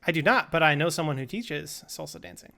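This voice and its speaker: A young man with a bright, slightly high voice runs a lightning round of questions. He talks in a playful, laughing way. The talk is a casual chat between friends. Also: animated, a little fast, vocal fry. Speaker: podcast co-host.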